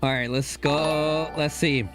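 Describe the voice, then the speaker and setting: A young man streaming a game live, talking to his chat in casual slang and bursting into excited high exclamations. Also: takes it slowly, faint music behind.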